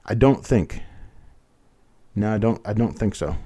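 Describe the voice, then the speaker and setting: A man's voice: on the low side, a little fast, mellow. A man hosting a live online coin auction, calling bids over and over and chatting with bidders. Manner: repetitive bid calling, friendly asides to bidders.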